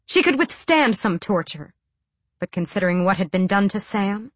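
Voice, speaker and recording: A woman's voice: medium pitch, animated, moderate pace, no echo. A woman narrating a fantasy audiobook with a dramatic, tense delivery.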